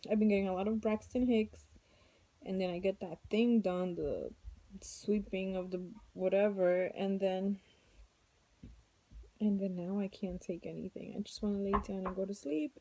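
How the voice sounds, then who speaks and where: A heavily pregnant woman vlogs from home, rambling and venting in a worn-out way. Her voice is gravelly and mellow, and the sound is dry and close. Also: medium pitch, no echo, rough recording. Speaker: vlogger. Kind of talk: casual chat to camera.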